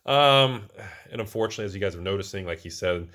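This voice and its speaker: A man with a fairly low voice chats casually as he shows off his collection. He swings between loud, excited bursts and low, offhand mutters, and he mocks himself with quick jokes. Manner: wisecracking, self-mocking. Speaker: host, card collector. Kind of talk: casual card collection show-and-tell.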